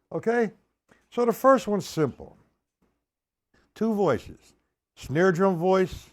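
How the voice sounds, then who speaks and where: A man's voice: mid-range voice, slight background noise. A man teaching a drum lesson, explaining patterns step by step and counting sixteenth notes aloud. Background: drum kit playing.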